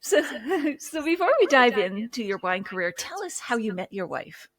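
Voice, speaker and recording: A woman's voice: a little high, sing-song, normal speed. A middle-aged woman hosting a wine podcast, introducing her guest and chatting with enthusiasm and frequent laughs. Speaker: podcast host. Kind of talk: interview host intro and chat.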